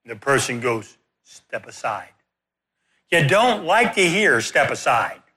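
Bright-voiced man telling a sermon story. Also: mid-range voice. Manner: animated, self-deprecating storyteller.

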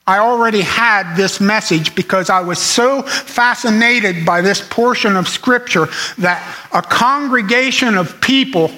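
A man's voice: high voice, bright, forceful tone, poor audio. A man preaching a sermon to his congregation, earnest and emphatic, repeating phrases for stress.

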